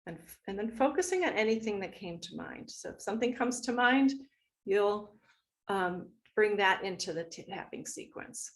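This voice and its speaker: A woman leading a guided tapping meditation, speaking gently and instructively as she walks listeners through each point. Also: medium pitch, lively intonation. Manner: gentle, instructive, slow and soothing.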